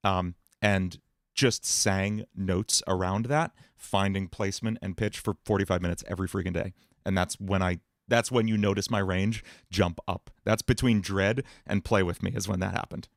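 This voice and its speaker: A man hosting a livestream Q&A about singing and voice, explaining in a relaxed way with many fillers. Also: low voice, moderate pace, vocal fry, no echo, studio quality. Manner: relaxed explaining, many fillers, breaks into sung and put-on voice demos. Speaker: music producer and livestream host.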